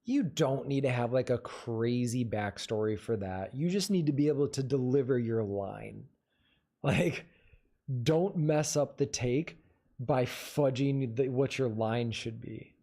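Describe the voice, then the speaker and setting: A man's voice: medium pitch, measured pace, mellow. A man hosting a livestream, casually giving advice and answering viewer questions in a conversational way. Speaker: livestream host.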